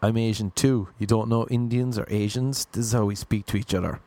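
A man voicing a rude, combative young woman on a date, taunting and abrasive, with a low voice. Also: fairly even intonation, fairly quick, mellow, close to an everyday voice.

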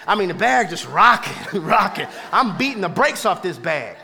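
A man preaching a sermon to a live church congregation, moving from hushed asides to shouted peaks and laughing along with the crowd. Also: high-pitched, sing-song, moderate pace, creaky, few pauses. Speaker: pastor.

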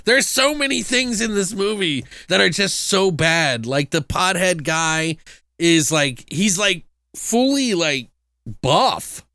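Lively, profane young man ranting. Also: high voice, slow pace, no echo, studio quality. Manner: profane, rambling, laughs at his own jokes. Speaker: podcast co-host reviewing a movie. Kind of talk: casual chat.

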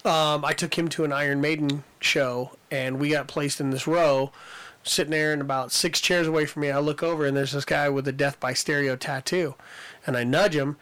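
A man co-hosting a podcast, reacting with excited, profane enthusiasm and telling stories in a casual chat. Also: fairly high pitch, normal speed. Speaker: podcast co-host.

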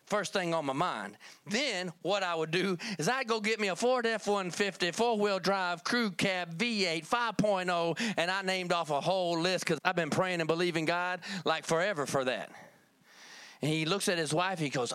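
A man's voice: high-pitched, moderate pace, fairly bright tone, clean tone, dry recording. A man from Kentucky telling a folksy testimony in a sermon, calling on the church for amens. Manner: folksy storytelling, calls for amen. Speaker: preacher.

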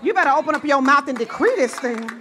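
A woman pastor preaching a sermon to her church, getting excited and rising to shouts as she calls out to the congregation. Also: sits high, fast, some chatter behind, a little hiss or hum.

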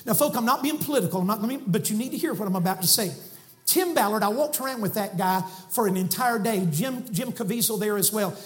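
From the pulpit of a church sanctuary, a male guest preacher with a Southern American accent gives a fast, fiery, impassioned sermon. His voice is unusually high, and he swings from shouting to sudden, near-hushed lines.

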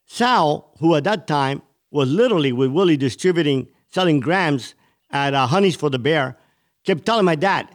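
A man's voice: on the high side, expressive, normal speed. A man from Cuba telling his life story as an interview guest, intense and vivid.

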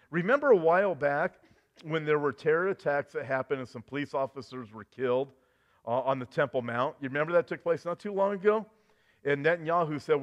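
A man preaches a sermon in a high voice, chatty one moment and vividly dramatic the next. He leans on rhetorical questions to keep the listener close. The recording is dull and lo-fi.

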